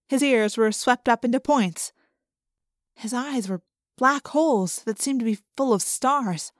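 A woman reading an audiobook aloud in first person, expressive, lifting her voice for the characters' lines. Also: dry recording, clean studio sound. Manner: expressive, lifting pitch for dialogue. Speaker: audiobook narrator.

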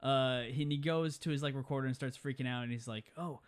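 A young man in casual chat, recapping a film in an animated way and breaking into high impressions now and then. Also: smooth. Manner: rapid and animated, jumps into high-pitched impressions.

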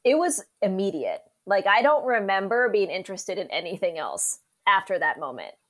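Animated woman telling stories. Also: medium pitch, moderate pace. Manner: animated, acts out quoted voices. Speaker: meteorologist guest. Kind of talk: casual storytelling interview.

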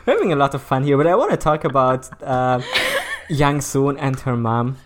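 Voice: mid-range voice, lively intonation, normal speed, very noisy. A podcast co-host sums up a film in casual chat. The talk rambles, full of "like" and "uh" fillers.

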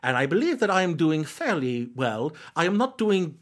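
A man's voice: fairly high pitch, very animated, normal speed. A man putting on a mock British accent, speaking in a stiff, mock-formal, self-satisfied way. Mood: mock-proper.

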